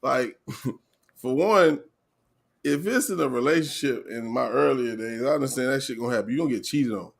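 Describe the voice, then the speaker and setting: A man's voice: mid-range voice, moderate pace, gravelly. A man in his forties talking bluntly and emphatically in a casual chat, swearing freely. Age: 40s.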